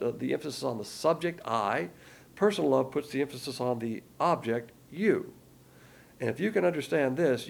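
A Bible teacher with a creaky, mid-range voice gives an emphatic lesson in sermon style. He often repeats key words and stops to start his sentences again.

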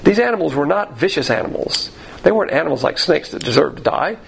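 Gravelly-voiced man preaching emphatically. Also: fairly high pitch, very animated, quick pace, a bit bright, slight background noise, poor audio. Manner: emphatic, conversational preaching with rhetorical questions. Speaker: pastor. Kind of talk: sermon.

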